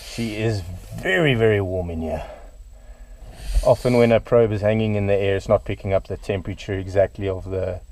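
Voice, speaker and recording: A middle-aged man, a reptile keeper, explaining snake care in a relaxed, casual way beside a python enclosure. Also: deep voice. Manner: relaxed, talks softly to the snake.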